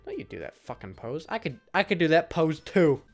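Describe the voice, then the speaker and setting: A man's voice: fairly high pitch, very animated, a little fast, creaky, soft background music. A young man playing and reading a visual novel aloud, with sarcastic, profane asides. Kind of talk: let's play commentary and reading.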